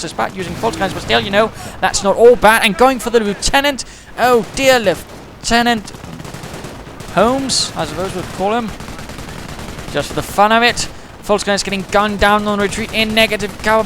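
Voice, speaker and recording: A man giving quick, chatty play-by-play commentary on a strategy game, with dry humour and British turns of phrase. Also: high-pitched, a bit bright, slight background noise.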